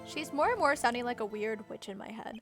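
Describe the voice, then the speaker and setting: A woman's voice: fairly high pitch, expressive, brisk, over music. A young woman playing and chatting through a courtroom game, giggly and playful. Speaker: game streamer. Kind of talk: casual game commentary.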